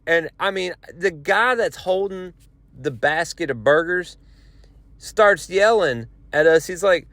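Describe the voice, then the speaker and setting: A man telling a story in a casual, rambling, animated way, poking fun at himself. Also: high voice, moderate pace, dry recording. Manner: rambling, animated, self-mocking. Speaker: podcast host.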